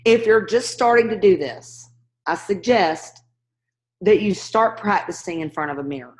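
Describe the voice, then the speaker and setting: A woman's voice: medium pitch, animated, moderate pace. A woman teaching a class on cold calling, upbeat and direct, speaking to her students by name. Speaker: real estate investing coach.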